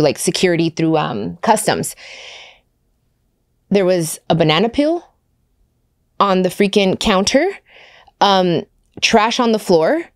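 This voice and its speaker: A woman in her thirties hosting a podcast, telling stories in casual chat with lively quoted asides. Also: lowish voice, no room sound, clean studio sound. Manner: chatty storytelling with animated quoted asides. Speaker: podcast host.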